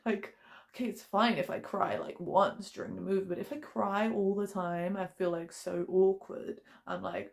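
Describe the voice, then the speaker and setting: A woman's voice: medium pitch, fairly even intonation, moderate pace, vocal fry. A young woman vlogging to camera in casual personal talk, chatty and emotionally open, with many fillers.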